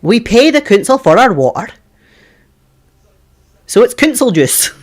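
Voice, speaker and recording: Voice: medium pitch, very animated, unhurried. A streamer chatting casually with viewers from a computer desk at home, laughing often between remarks. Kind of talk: casual live-stream chat.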